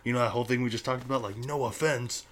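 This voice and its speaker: A man's voice: medium pitch, fairly even intonation, fairly bright tone, a little hiss or hum. A man co-hosting a casual podcast chat, telling stories and acting out the people in them. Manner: fast storytelling, acts out quoted people. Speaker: podcast co-host.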